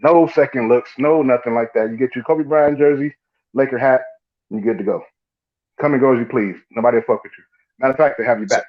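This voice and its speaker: A man from Southern California hosts a casual live podcast, swearing freely and acting out voices as he tells stories. His voice sits at a middle pitch, and the audio is a little dull and lo-fi. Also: fast. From Los Angeles area, Southern California. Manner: profane, animated storytelling with imitated voices. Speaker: podcast host. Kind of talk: casual live-stream chat.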